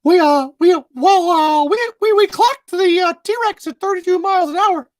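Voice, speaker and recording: A man voicing a cheerful cartoon mouse in a high, squeaky falsetto with giggly laughs. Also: normal speed, no echo. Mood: cheery.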